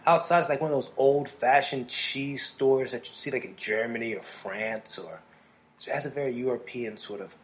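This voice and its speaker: A man's voice: mid-range voice, normal speed, a little hiss or hum. Rambling storyteller man from New Jersey. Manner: rambling storyteller who slips into playful character voices. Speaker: podcast co-host. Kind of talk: casual chat.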